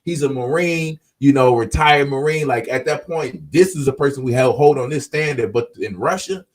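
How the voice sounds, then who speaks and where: A man's voice: mid-range voice, moderate pace. Laid-back slangy man hosting a podcast. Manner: laid-back, slangy, chatting with live commenters; closes with an upbeat pep talk. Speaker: podcast host. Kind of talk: casual talk to viewers.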